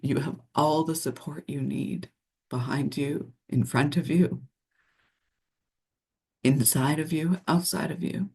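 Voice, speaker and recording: Slow, mellow retreat leader guiding a meditation. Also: medium pitch, fairly even intonation, creaky, breathy edge. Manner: slow, soothing guided visualization. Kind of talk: guided meditation and casual sharing. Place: home room beside an altar. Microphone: computer on a video call.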